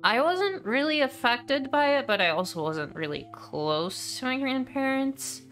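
Bright-voiced woman casually chatting over a game. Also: high-pitched, expressive, a little slow, faint music behind. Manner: chatty, candid, laughs easily. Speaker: game streamer. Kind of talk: casual let's-play commentary.

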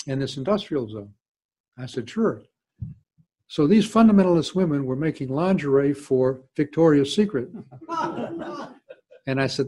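An older man with a Southern American accent tells stories from the podium in a husky, slightly breathy voice pitched a touch high. He talks emphatically and digressively, piling up details and leaning into punchlines. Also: dark tone. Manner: anecdotal, emphatic, digressive storyteller. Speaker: guest speaker, former diplomat. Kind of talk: storytelling talk with audience Q&A.

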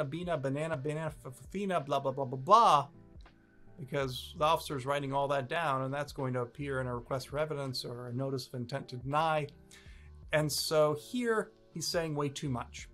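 A man's voice: fairly high pitch, a bit bright. A man hosting a legal advice video, explaining a clip with candid, self-aware asides. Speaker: immigration lawyer, host.

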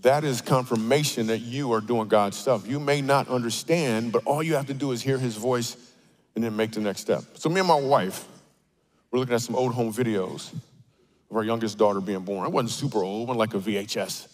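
A man preaching a comedic sermon in a church auditorium, telling stories with animated, playful asides. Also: medium pitch, brisk. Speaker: guest speaker.

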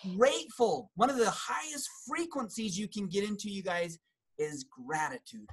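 A man talking as a guest health practitioner in a casual discussion, animated, breaking into loud acted outbursts and dropping into hushed asides. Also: high voice, normal speed, a crowd in the background, low-quality recording. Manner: animated, acts out angry outbursts and quotes.

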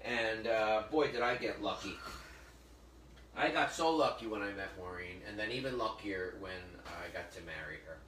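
A man hosting a casual cooking show, joking and telling stories in a chatty, animated way. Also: lowish voice, normal speed, slight background noise. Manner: chatty, jokey, animated storyteller. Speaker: host of a live cooking show. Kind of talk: casual storytelling chat. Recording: echoey room, mic at a distance.

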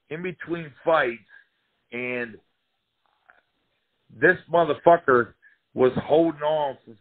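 Profane storyteller over a tinny line. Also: male voice, mid-range voice. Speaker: former fighter telling career stories. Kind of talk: casual storytelling interview.

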